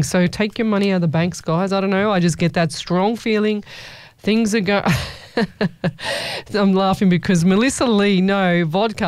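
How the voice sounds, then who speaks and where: Brief: woman, radio host, smooth, clear voice, dry studio sound, easygoing chatter with listeners. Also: mid-range voice, no room sound. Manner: chatty, warm-hearted, calls listeners "lovey". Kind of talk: casual call-in radio chat. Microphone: studio microphone.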